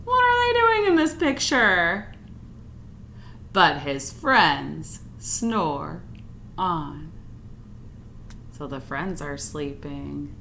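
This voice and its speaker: A woman reading a picture book aloud to children, pausing to ask them questions in an animated way. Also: mid-range voice, slight background noise. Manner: animated, asks listeners questions. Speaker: read-aloud teacher. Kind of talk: storytime read-aloud for children.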